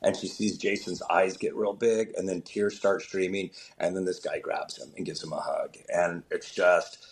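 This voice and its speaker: A man's voice: deep voice, moderate pace. A man who is a comedian, a guest on an interview show, telling stories with energy and acting out the voices of the people in them. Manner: animated, acts out the voices of people in his stories. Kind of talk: storytelling in an interview.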